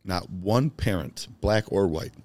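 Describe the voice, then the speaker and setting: Deep-voiced man telling heartfelt stories. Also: measured pace, a little mellow. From Chicago. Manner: emphatic, heartfelt, swears casually. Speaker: podcast guest. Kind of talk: personal storytelling in conversation.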